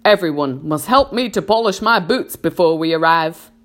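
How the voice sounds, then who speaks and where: A woman's voice: fairly low pitch, expressive, normal speed, natural voice. A woman voicing a fussy, vain male centipede who frets about his appearance in a storybook reading.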